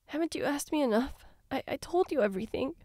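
A man voicing a tired, frightened teenage girl in an audiobook story, speaking softly and hesitantly with apologetic restarts. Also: very high-pitched, lively intonation, quick pace, no echo, studio quality, voice pushed up. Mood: upset. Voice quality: soft, breaking voice. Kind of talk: audiobook character voice.

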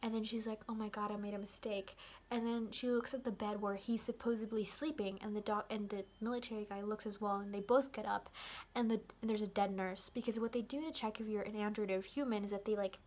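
A young woman casually recapping a film's ending, rambling with lots of "like" and excited asides. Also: mid-range voice, quick pace. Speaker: vlogger.

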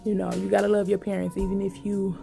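A woman's voice: mid-range voice, level tone, fast, creaky, music in the background. A woman talking casually and emotionally to her vlog viewers, rambling in slangy speech from a car. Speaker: vlogger.

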